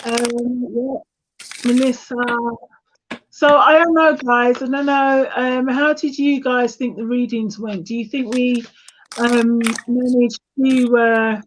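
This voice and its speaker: This English woman, a tarot reader co-hosting a live stream, talks casually but haltingly, full of fillers and false starts, her accent drifting between standard British and London. Her voice sits on the high side. The audio is poor, with slight background noise.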